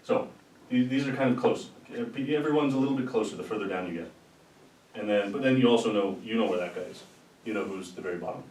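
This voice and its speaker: Low-voiced man rambling through a lecture. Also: fast, a little mellow. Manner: rambling, conversational, with restarts and asides. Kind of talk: informal lecture. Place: lecture room. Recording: roomy sound from a distant mic with faint rumble.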